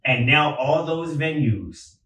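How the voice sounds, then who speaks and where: A man from Philadelphia, a podcast guest, talking in a relaxed, casual storytelling way with plenty of filler words. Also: on the high side, takes it slowly, crowd noise. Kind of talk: casual conversation. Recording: roomy sound from a distance.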